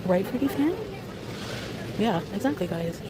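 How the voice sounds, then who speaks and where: A woman's voice: mid-range voice, lively intonation, unhurried. A woman casually chatting on a live stream, answering her chat messages, in a noisy clip with vehicle noise behind her.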